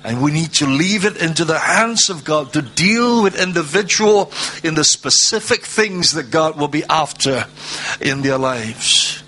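A man preaching a sermon, reading scripture aloud and stressing words through slow repetition. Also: on the high side, animated, bright, forceful tone, a little hiss or hum. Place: church hall, seated at a low table.

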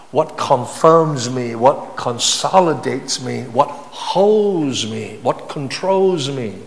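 A man preaching a sermon as a pastor, emphatic and repetitive, often building to high, intense passages. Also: creaky. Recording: long hall reverb.

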